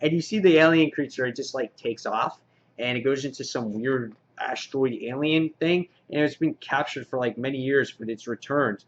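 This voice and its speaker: A man giving a casual comic book review, with many "uh" fillers, getting excited as he retells the story. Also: mid-range voice, normal speed, muffled recording, a little hiss or hum. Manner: frequent "uh" fillers, excitable retelling with quoted lines.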